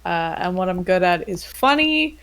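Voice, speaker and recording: A woman's voice: fairly low pitch, lively intonation, normal speed, fairly bright tone. Laughing, chatty woman game master. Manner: laughs often, loose and chatty. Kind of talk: casual podcast chat.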